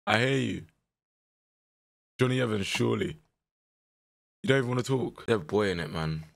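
A young man with a strained voice, giving animated, slangy commentary while playing a management game. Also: on the low side, normal speed, gravelly. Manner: animated, exclaiming, slangy banter. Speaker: gaming content creator. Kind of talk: casual gameplay commentary.

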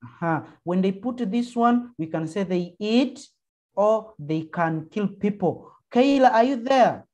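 Her medium-pitched voice carries lively intonation and a warm tone at a measured pace. This Ugandan-accented teacher leads primary pupils online via video call, encouraging them and prompting often with uh-huh and mm-hmm.

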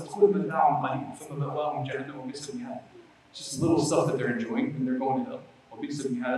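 Fast, fired-up preacher in an echoey hall. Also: male voice, fairly high pitch. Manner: animated, rising to loud emphatic peaks, reciting scripture in rapid chant; casual slangy address to the crowd. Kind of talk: sermon. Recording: echoey hall, mic far off.

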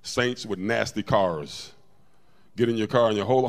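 A man preaching a lively sermon to his congregation, telling stories and calling out to the room. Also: on the low side, unhurried, creaky. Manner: animated preaching, storytelling with call-outs to the congregation. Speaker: pastor.

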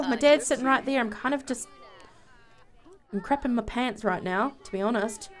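Giggly, excitable woman gamer. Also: a little high, moderate pace. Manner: excitable, giggly, exclaims often. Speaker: let's play gamer. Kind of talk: casual gameplay commentary.

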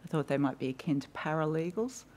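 A woman, giving formal testimony at a public inquiry and recounting a conversation in a measured, precise way with dry asides, on a desk microphone. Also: sits low, animated, darkish tone. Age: 50s. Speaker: witness giving evidence. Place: hearing room of a public inquiry.

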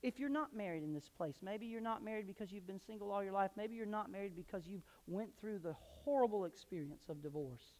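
A male pastor preaching a sermon in a church, telling personal stories and swinging into loud emphatic bursts. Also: sits high, expressive, brisk, hardly any pauses. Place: church sanctuary. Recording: long hall reverb.

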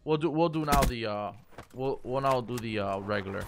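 A man's voice: mid-range voice, a little fast, noisy background. A man livestreaming a game, chatting loosely with viewers in a rambling, profane way. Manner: rambling, swears freely, chats to viewers. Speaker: gaming livestreamer. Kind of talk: casual livestream chat while playing.

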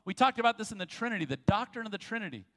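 A man preaching a sermon as pastor, telling jokes and stories with quick asides. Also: high-pitched, expressive, sharp tone. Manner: jokey storytelling with quick asides. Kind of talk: sermon with humor. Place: church sanctuary. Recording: long church hall reverb.

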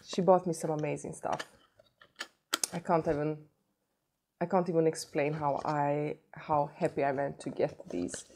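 Beauty vlogger, woman from Sweden, has a cold, slightly low voice, gushing and giggly. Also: measured pace, long pauses, slight background noise. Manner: excitable, gushing, breaks into giggles. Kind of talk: casual unboxing vlog.

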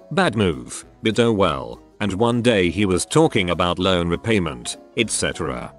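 A man narrating online posts aloud as a storyteller, with animated delivery. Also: lowish voice.

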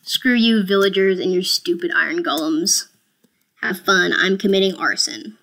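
A woman's voice: fairly low pitch, moderate pace, gravelly, a bit bright. A woman streaming a game, talking casually to viewers in a chatty, self-mocking and playfully dramatic way. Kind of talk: casual gameplay commentary.

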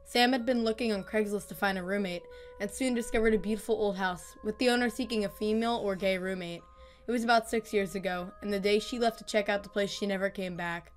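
Calm woman reading horror stories. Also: mid-range voice. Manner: calm, measured, dropping softer on grim lines. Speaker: storyteller. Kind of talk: scripted narration of horror stories. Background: faint music.

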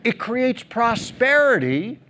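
A middle-aged man with an extremely high-pitched voice speaks slowly while giving a keynote speech on a theater stage, with slight background noise. He's an animated storyteller who acts out quotes and jokes with the audience.

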